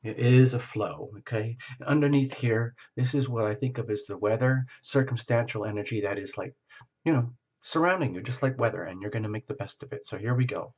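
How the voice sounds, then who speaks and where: A man's voice: medium pitch, brisk, a little mellow, lo-fi sound. A man giving a reflective spoken tarot reading, often checking in with the listener. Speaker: tarot reader.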